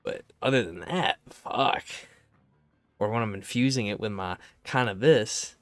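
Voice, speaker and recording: A young man streaming games, ranting casually and profanely in a rambling, animated way. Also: on the low side, unhurried, dry recording, faint music behind. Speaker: gaming streamer.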